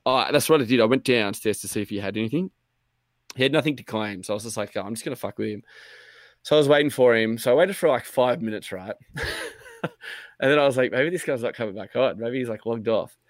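A man's voice: medium pitch, quick pace, no room sound, clean studio sound. A young man co-hosting a podcast, telling a long story in rambling, swearing, casual chat and acting out his own thoughts. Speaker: podcast co-host.

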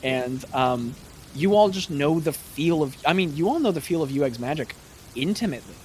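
A man's voice: a little high, expressive, a little mellow, slight background noise. Loose-talking man running a tabletop game. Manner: loose, halting, with frequent restarts. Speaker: game master. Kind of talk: narrating a tabletop role-playing game.

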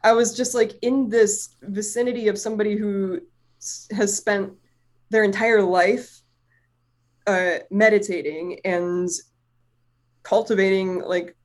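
A woman's voice: mid-range voice, steady tone, measured pace, long pauses. A woman chatting casually, telling a personal story in a rambling way, full of fillers and swearing, often laughing. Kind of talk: casual chat.

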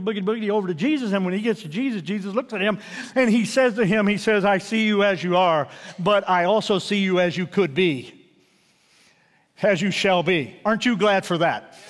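High-voiced preaching man in a big hall. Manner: animated, swings from loud to hushed. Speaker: pastor. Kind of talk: sermon.

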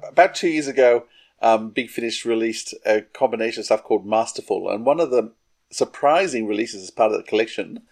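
A man's voice: fairly low pitch, fairly quick, darkish tone. Laughing, hesitant man hosting an interview. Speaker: interviewer host. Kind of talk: casual interview chat.

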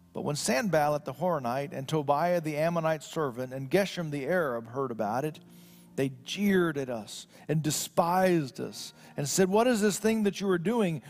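A man preaching a sermon. He reads scripture slowly and solemnly, then talks in a conversational way with restarts. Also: fairly high pitch, a little mellow. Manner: slow solemn scripture reading. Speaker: pastor.

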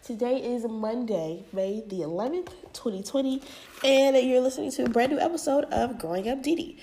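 A woman's voice: fairly high pitch, normal speed, mellow, slight background noise. A young woman with a stuffy, congested voice hosts her own casual podcast. She talks frankly and swears freely while venting about money troubles. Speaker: podcast host. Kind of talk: casual solo podcast monologue.

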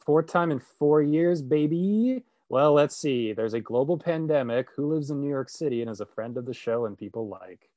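A man's voice: mid-range voice, lively intonation, moderate pace, dark tone, no echo. A man co-hosting a podcast, chatting casually with playful banter. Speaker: podcast co-host. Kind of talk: casual chat. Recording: dry close recording.

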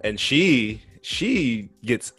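A man's voice: medium pitch, big pitch swings, very slow, a bit bright, breathy edge, faint music behind. A man co-hosting a casual podcast, telling stories bluntly with plenty of swearing and laughter. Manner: blunt and profane, laughs through his stories. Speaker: podcast co-host. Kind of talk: casual storytelling chat.

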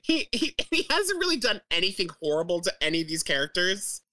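Woman, lower voice, dry close sound, enthusiastic, laughs often, casual chat. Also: sing-song, fairly quick, sharp tone, dry recording. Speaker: podcast co-host. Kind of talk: casual chat about a TV show.

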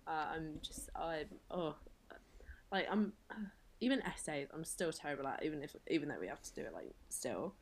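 Low-voiced young woman, chatty guest. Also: expressive, normal speed, a little hiss or hum. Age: young adult. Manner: chatty, self-deprecating, laughs often. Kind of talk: casual podcast chat.

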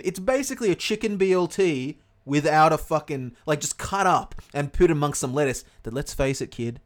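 A man's voice: on the high side, animated, moderate pace, few pauses. A man co-hosting a casual podcast, swearing constantly and spinning off into comic rants. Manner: profane, ranting comic tangents. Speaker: podcast co-host.

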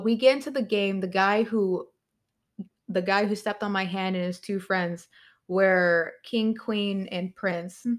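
A young adult woman telling a story as a podcast guest, animated, laughing often and swearing a lot. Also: medium pitch. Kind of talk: casual storytelling.

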